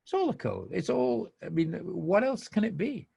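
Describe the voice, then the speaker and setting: With a high-sitting voice that swoops wildly in pitch, this Manchester-accented English podcaster sounds gravelly, dark and breathy at a moderate pace. He rambles through a casual monologue with enthusiasm and frequent laughter.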